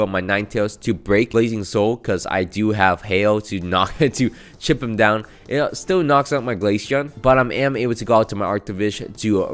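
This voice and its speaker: A man giving a casual recap of a video game run, chatty and self-mocking as he rattles through each battle move. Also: on the low side. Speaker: gaming channel host. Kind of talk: casual gameplay recap commentary.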